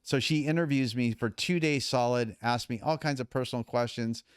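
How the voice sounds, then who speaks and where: Middle-aged male guest, animated storyteller who acts out the quotes, dry close sound. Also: medium pitch, moderate pace, smooth, dry recording. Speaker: podcast guest. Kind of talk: casual storytelling.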